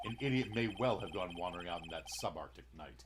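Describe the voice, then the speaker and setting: Lively man reading game dialogue. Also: low-pitched, quick pace, background noise. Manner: dramatic read-aloud, breaks into goofy impressions. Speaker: let's-play co-host. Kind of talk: reading game dialogue aloud with joking asides. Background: game music.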